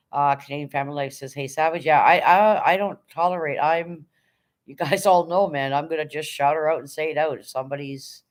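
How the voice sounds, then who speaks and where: A woman hosting a casual livestream, firmly but politely moderating her chat and reading messages aloud. She sounds tired. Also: deep voice. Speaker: livestream host.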